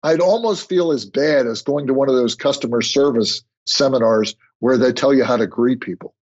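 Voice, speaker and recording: An older man, a podcast guest, chatting casually and telling stories with lively quoted dialogue. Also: mid-range voice, moderate pace. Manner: storytelling, animated when quoting others. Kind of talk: conversational interview. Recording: muffled lo-fi remote audio.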